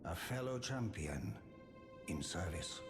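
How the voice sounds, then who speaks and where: A man voicing a loyal, courteous male giant blacksmith who speaks formally and in a measured way. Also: low voice, lively intonation. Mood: welcoming. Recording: game audio with music behind.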